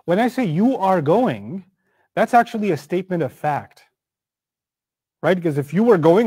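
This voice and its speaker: Man, middle-aged, scripture teacher, lively lecture voice, high-pitched, dry close sound. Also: normal speed, pauses often, husky, no echo. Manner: animated, conversational, acts out everyday examples. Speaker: Quran teacher.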